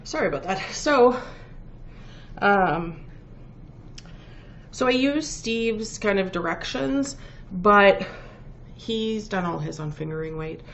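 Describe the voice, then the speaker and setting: Her mid-range voice is fairly bright with lively intonation, but she talks slowly and leaves long pauses, sniffling from a head cold. She hosts a casual knitting podcast, rambling, correcting herself, and filling gaps with ums as she shows off finished work. The dull lo-fi home recording has faint background noise.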